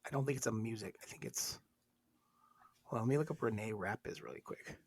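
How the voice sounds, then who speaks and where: A woman's voice: extremely low pitch, fairly quick, a little mellow, husky, no echo. A woman co-hosting a podcast in casual chat, reading out lists and joking around. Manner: chatty, reads lists aloud, laughs and jokes. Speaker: podcast co-host.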